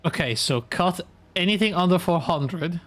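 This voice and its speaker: A man's voice: high-pitched, animated, normal speed, a bit bright. A young man streaming a game live, chatting casually, thinking aloud, trailing off and chuckling often.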